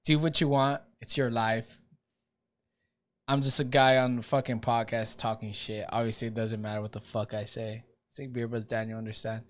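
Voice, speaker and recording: A young man co-hosting a beer podcast, loud and joking, swearing freely and slipping into put-on voices. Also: mid-range voice, level tone, moderate pace. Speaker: podcast co-host. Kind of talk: casual chat.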